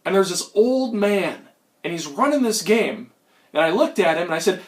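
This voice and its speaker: A man's voice: sits high, big pitch swings, moderate pace. A young man from Minnesota who is getting over a cold and has a sore throat, telling a rambling, self-mocking comic magic story at home with many ums and uhs. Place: at home, indoors.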